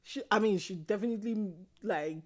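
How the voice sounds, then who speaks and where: A woman's voice: mid-range voice, moderate pace. A woman from Nigeria co-hosting a casual podcast chat, talking earnestly and often restarting her phrases. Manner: earnest, restarts and repeats words while searching for phrasing. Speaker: podcast co-host.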